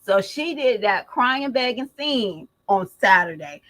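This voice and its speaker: A fairly high-voiced woman vlogger talking in a slangy, emphatic way. She speaks slowly and draws her words out, laughing as she gossips. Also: lively intonation, fairly bright tone, rough recording. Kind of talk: casual gossip commentary.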